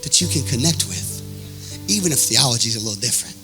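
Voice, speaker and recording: A man preaching a sermon in a sing-song, chanting cadence, acting out voices from scripture and breaking into shouts. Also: medium pitch, big pitch swings, fast talker, music in the background, rough recording. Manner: acts out biblical voices in quotes. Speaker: pastor.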